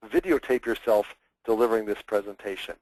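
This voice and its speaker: A man teaching public speaking in a webinar, energetic and expressive, acting out examples in mock voices. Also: lowish voice, brisk, dry recording, poor audio. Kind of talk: webinar presentation.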